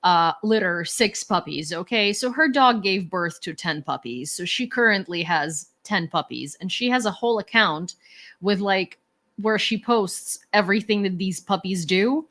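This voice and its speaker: A woman's voice: mid-range voice, moderate pace, a bit bright. Chatty, ironic woman hosting a livestream. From Ukraine. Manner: chatty, ironic, many fillers and restarts. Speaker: livestream host. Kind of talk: casual livestream chat with viewers.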